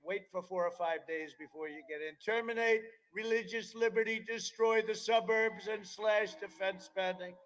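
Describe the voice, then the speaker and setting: A man's voice: high voice, fairly even intonation, normal speed, few pauses, fairly bright tone, low-quality recording. A man in his seventies giving a campaign rally speech, rambling and digressive, with mocking asides. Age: 70s. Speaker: politician addressing a campaign rally.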